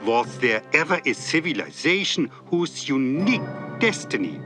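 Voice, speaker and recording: An actor playing an earnest theory author who asks slow, insistent rhetorical questions. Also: male voice, fairly high pitch, sing-song, music in the background. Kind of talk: mock-documentary acting.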